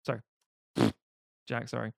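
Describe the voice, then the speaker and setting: A man's voice: no room sound, studio quality. A man co-hosting a podcast, chatting casually and joking with a lot of swearing. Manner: fast, joking, sweary storyteller. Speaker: podcast co-host pitching a film. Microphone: podcast mic.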